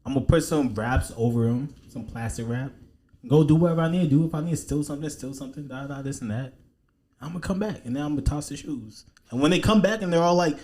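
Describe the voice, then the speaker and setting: A man's voice: a little high, fast, darkish tone. A man hosting a podcast, chatting casually and joking with his cohosts. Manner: joking, laid-back banter. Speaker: podcast host. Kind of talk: casual chat.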